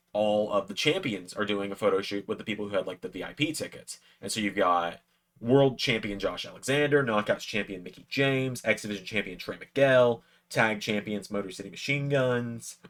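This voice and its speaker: Bright-voiced man telling a story. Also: lowish voice. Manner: chatty and excitable, with frequent fillers and restarts. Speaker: YouTube creator. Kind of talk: casual storytelling to camera.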